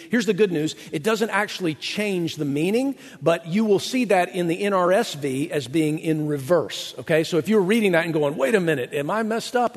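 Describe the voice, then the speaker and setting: A man preaching a sermon as pastor, animated, acting out quotes in playful voices. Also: high-pitched, long reverb tail.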